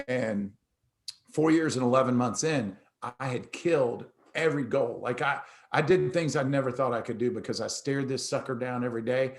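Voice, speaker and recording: Hosting a motivational talk, this middle-aged man tells a personal story casually, frequently stopping and restarting. He performs the dialogue energetically, speaking at a moderate pace in a typical mid-range pitch.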